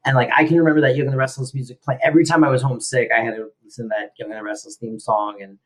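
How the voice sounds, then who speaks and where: A man co-hosting a podcast talks in a loose, thinking-aloud way, with lots of "like" and restarts. His voice is at a middle pitch. He sounds relaxed and conversational. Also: very fast. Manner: rambling, many fillers, reflective. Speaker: podcast co-host. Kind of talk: casual conversation.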